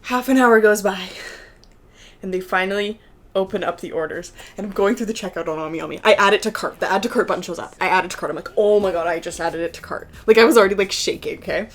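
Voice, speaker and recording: A young woman chatting excitedly at home as she unboxes collectible figures, with lots of "like" in her talk. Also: medium pitch, fast. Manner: excitable and chatty, heavy use of "like". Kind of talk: casual unboxing chat. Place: home room with a PC.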